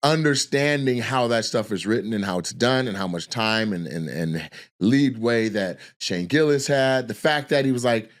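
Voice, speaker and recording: A man with a mid-range voice talks at a moderate pace, hosting a podcast where he tells a long, rambling, profane story in a casual way. He's a podcast host and comedian, and he comes across animated and profane, rambling and restarting as he goes.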